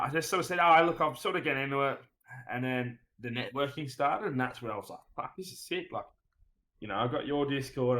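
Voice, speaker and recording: An Australian man tells his stories as a podcast guest, rambling and swearing freely, tacking "mate" onto his sentences. His voice sits at an ordinary middle pitch for a man. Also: a bit bright, poor audio. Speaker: guest streamer. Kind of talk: casual podcast interview.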